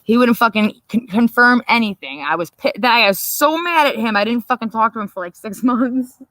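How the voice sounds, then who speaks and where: A woman hosting a casual livestream, telling a story in a profane, animated way and laughing often. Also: fairly high pitch, fairly quick, dry recording. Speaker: livestream host.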